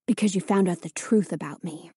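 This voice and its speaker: A woman voicing a quiet, menacing ghost boy. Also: fairly quick, breathy edge, no room sound, studio quality. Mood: insistent. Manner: soft, low and insistent.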